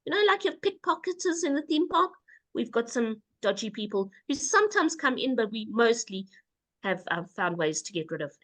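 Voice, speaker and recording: A woman presenting rules on a video call, brisk and instructive, with playful asides. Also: on the high side, big pitch swings, a bit bright. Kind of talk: casual webinar presentation.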